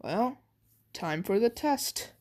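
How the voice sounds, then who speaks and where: A woman voicing a cruel male mad scientist who gloats in drawn-out words in an amateur fan story reading. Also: on the high side. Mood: cold. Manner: gloating, drawn-out, rising to excited cries.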